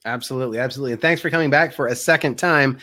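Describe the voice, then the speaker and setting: A man's voice: mid-range voice, racing, bright, forceful tone. Affirming male podcast host. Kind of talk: interview podcast.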